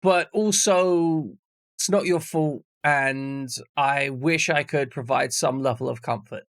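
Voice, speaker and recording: A man's voice: medium pitch, slow, fairly bright tone, dry recording, clean studio sound. A man streaming live, chatting casually with viewers in a rambling, jokey way and swearing freely.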